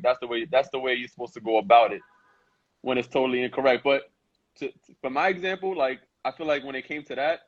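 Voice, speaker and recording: Laid-back New host, muffled audio. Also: male voice, mid-range voice. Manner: laid-back, repeats phrases, asks "right?". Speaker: podcast host. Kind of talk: casual chat. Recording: muffled Instagram live audio.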